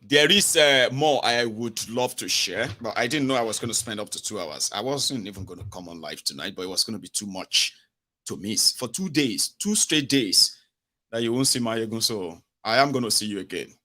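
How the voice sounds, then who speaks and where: A middle-aged man with a Nigerian accent hosting a live-stream political commentary show, animated and sarcastic. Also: on the low side, normal speed. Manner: animated, sarcastic, drops into mock voices. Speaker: host.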